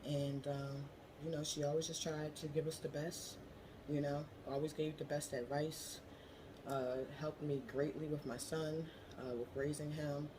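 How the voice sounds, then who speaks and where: A woman's voice: deep voice, flat delivery, measured pace, background noise. A young woman making an earnest appeal to camera, with frequent "you know" fillers. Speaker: scholarship applicant.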